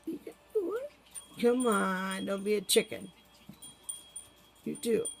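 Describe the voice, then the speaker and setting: Woman, casual home pet video, sing-song coaxing, gravelly and unhurried. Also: medium pitch, expressive, a little hiss or hum. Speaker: pet owner filming her animals.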